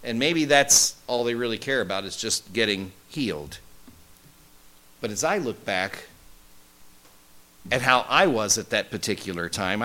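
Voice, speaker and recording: A man playing a male disciple who recalls his travels in a first-person monologue, wry and conversational, with lively swings in emphasis. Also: fairly low pitch. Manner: conversational, wry, animated storytelling.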